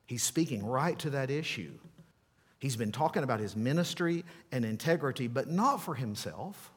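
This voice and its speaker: Animated preacher in a reverberant hall. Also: male voice, mid-range voice, moderate pace, slightly rough. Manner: emphatic, animated preaching with playful asides. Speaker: pastor. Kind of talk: sermon.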